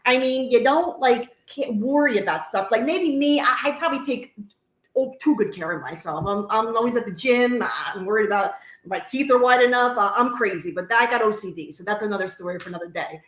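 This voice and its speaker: A woman's voice: on the high side, animated, fairly quick, a bit bright. Blunt, outspoken woman with a Jersey accent. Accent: New Jersey. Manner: blunt, outspoken, swears freely. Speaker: podcast co-host. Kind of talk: casual podcast banter. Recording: echoey room.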